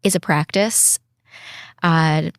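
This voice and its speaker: A woman in her thirties speaking as a podcast guest in an earnest, reflective way, slowing down to stress her points. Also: deep voice, steady tone, dry recording, studio quality. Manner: earnest, reflective, slows down when emphasizing. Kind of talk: casual heartfelt conversation.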